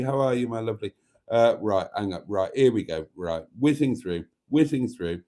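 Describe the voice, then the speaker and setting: A man's voice: lowish voice, expressive, normal speed, warm tone. A man hosting a live stream, chatting casually and rambling as he reads viewer comments aloud, with mild swearing. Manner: rambling, chatty, self-deprecating, swears mildly.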